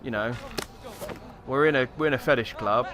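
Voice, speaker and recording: A man talks through a video game in a chatty, wry running commentary, hesitating as he thinks aloud. His voice sits at an ordinary male pitch. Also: normal speed. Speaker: gaming YouTuber. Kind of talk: let's play commentary.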